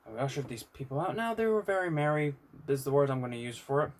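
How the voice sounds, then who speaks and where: A man's voice: a little high, sing-song, fast talker. A man with a British accent, talking candidly and ramblingly in an unscripted personal vlog, with some swearing. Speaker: vlogger.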